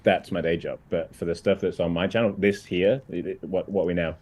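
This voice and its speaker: A man chats as a guest on a live stream, speaking haltingly and restarting often. His voice is very deep. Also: fairly even intonation, a little mellow. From United Kingdom. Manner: halting, with many restarts and fillers. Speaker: guest on a photography chat stream. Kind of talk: casual live-stream chat.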